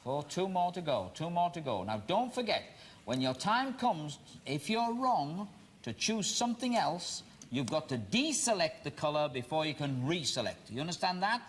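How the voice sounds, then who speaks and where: A man's voice: fairly high pitch, sing-song, normal speed, a little hiss or hum. An older English man hosting a game show, chatty and jokey, explaining the rules and then urging a contestant on against the clock. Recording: TV studio with music and audience.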